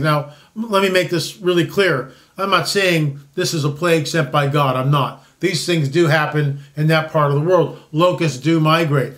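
A man's voice: fairly high pitch, a bit bright. A man in his sixties hosting a commentary show, talking in a rambling, emphatic way with many restarts. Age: 60s. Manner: rambling, with frequent restarts and repeated words; emphatic, disclaiming. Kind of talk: opinionated casual commentary.

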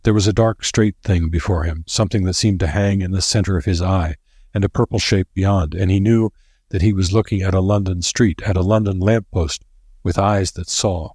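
A man narrating a novel in a measured, dramatic storytelling manner. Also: low voice, fairly even intonation, darkish tone, slightly rough, no echo, clean studio sound. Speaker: audiobook narrator.

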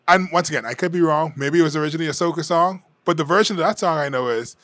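A man talks through his opinions in a candid, conversational way, hedging as he goes. His voice sits a little higher than most men's. The recording is dry and close, with no room sound. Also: fairly quick, fairly bright tone, dry recording. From Bahamas. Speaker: political commentator. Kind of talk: casual opinion monologue.

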